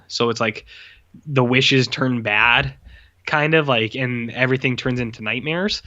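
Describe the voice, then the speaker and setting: A man's voice: medium pitch, pushed and bright, lo-fi sound. A man co-hosting a podcast, recapping a movie in loose casual chat full of fillers. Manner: rambling, loose, lots of fillers. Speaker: podcast co-host.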